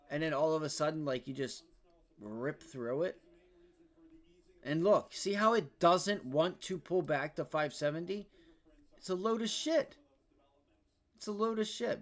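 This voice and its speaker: A young man hosting a live day-trading stream, ranting and swearing about the market, swinging between loud outbursts and low muttering. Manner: frustrated, profane, ranting about price action. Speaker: day trading livestream host.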